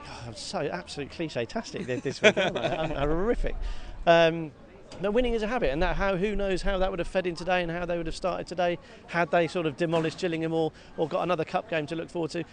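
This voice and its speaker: A man co-hosting a football podcast, talking in a lively, self-mocking way and often repeating words. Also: on the high side, fast talker, hardly any pauses. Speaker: podcast co-host. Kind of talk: casual football chat. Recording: faint background noise.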